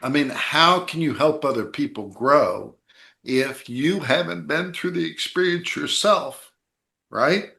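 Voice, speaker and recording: A man hosting a spiritual podcast, explaining ideas in a calm teaching way and checking in with "okay?" and "right?". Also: medium pitch, reverberant. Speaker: podcast host and author.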